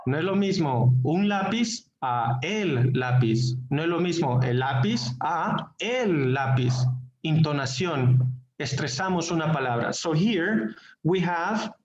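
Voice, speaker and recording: A man whose first language is Spanish teaching an English class online, speaking slowly and deliberately and repeating words as he searches for them. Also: on the high side, lively intonation. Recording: echoey, dull online class audio.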